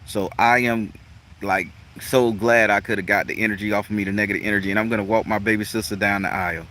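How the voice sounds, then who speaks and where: A man's voice: lowish voice, fairly even intonation, quick pace. A man chatting casually and profanely to his viewers outdoors, laughing often. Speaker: spiritual practitioner and channel host. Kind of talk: casual vlog chat to viewers. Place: outdoors in a rural natural setting. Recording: loud outdoor noise.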